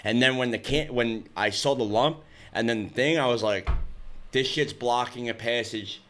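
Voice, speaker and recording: A young man talking as a guest in a casual interview, telling stories fast with lots of swearing and acted-out quotes. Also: medium pitch, fairly bright tone. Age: young adult.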